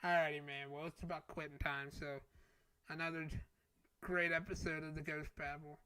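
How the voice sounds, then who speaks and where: A man's voice: on the high side, little pitch movement, normal speed, crowd noise. A man co-hosting a casual podcast chat, teasing his friend and laughing often. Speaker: podcast co-host.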